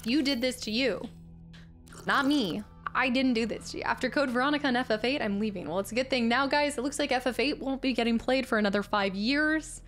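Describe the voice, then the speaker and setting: A woman's voice: fairly high pitch, brisk, fairly bright tone, faint music behind. A woman game streamer chatting casually with her viewers while she plays, laughing often and getting giddy over the game. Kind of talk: casual live-stream chat while playing.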